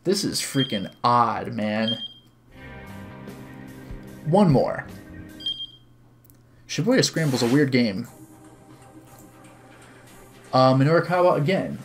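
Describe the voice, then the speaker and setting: Casual male game streamer, lively pitch. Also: takes it slowly, long pauses, faint music behind. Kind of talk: casual live-stream commentary.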